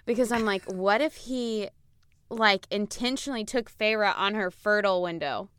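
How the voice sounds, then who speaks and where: Smooth-voiced chatty woman podcaster. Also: medium pitch, normal speed, fairly bright tone, dry recording, studio quality. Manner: chatty, joking, many "like" fillers. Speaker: podcast co-host. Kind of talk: casual book discussion.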